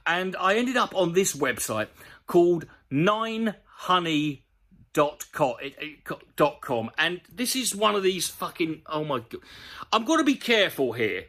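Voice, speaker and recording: A man delivers a profane, sarcastic comedy rant. His voice sits high and swings widely up and down. He keeps an animated, mocking edge throughout. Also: measured pace. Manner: sweary, sarcastic, animated ranting. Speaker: comedy commentator. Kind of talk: ranting comedic commentary on a news story.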